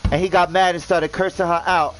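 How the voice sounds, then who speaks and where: High-voiced man ranting over gameplay. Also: little pitch movement, a little fast, rough recording. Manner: indignant, swearing, repeats himself. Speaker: gaming vlogger. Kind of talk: ranting commentary.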